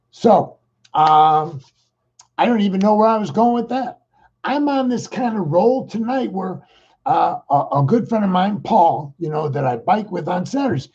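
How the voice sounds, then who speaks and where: A man's voice: high voice, a little mellow, breathy edge, muffled recording. A man hosting his own podcast, talking in a rambling, exasperated political monologue. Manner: rambling, exasperated, talks fast. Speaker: podcast host.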